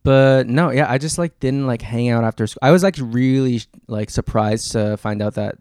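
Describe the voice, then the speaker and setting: A man's voice: mid-range voice, moderate pace, a little mellow, clear, resonant tone, no echo, clean studio sound. A man from Massachusetts chatting as a podcast guest, hesitant and full of fillers, laughing often. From Massachusetts, USA. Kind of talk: casual chat.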